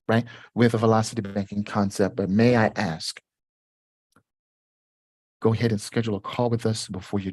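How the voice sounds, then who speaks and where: A man hosting a live Q&A stream, talking in an animated, repetitive way and jumping up high in pitch when excited. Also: no echo, studio quality. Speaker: host.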